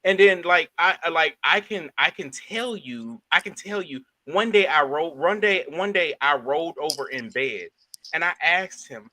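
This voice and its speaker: Bright, stammering man on a podcast. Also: on the high side, normal speed, no room sound. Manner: stammers and repeats himself, animated. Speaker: podcast co-host. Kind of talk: casual chat.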